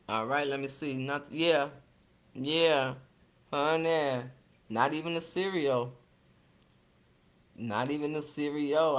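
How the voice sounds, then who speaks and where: A woman with a low, fairly bright voice hosts a relaxed livestream. She reads out viewer comments, teasing playfully and laughing often.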